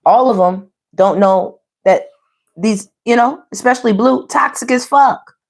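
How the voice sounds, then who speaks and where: A woman's voice: a little high, a little slow. Sassy woman doing a casual tarot reading. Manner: sassy, animated, slangy, talks to viewers as "baby" and "y'all". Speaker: tarot reader.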